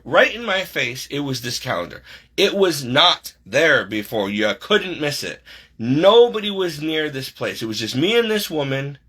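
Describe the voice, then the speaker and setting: Husky man rambling through a story. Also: fairly high pitch, fairly bright tone. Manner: rambling, many "like"s and restarts. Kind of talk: casual storytelling on a video call. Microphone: video call.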